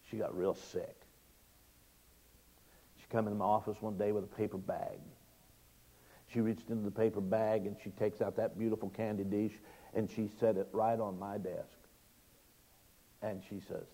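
A male preacher with a mellow, gravelly voice delivers a folksy sermon. His voice climbs and presses on the key points. The sound carries a long reverb, as from a large sanctuary. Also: on the low side, flat delivery, normal speed, pauses often. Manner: folksy, illustrative preaching with emphatic rises.

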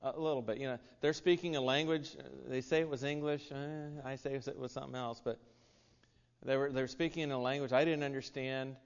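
A man's voice: mid-range voice, steady tone, fairly quick, smooth, muffled recording. American man preaching in a reverberant hall. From United States. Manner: earnest, with frequent restarts and asides. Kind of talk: sermon.

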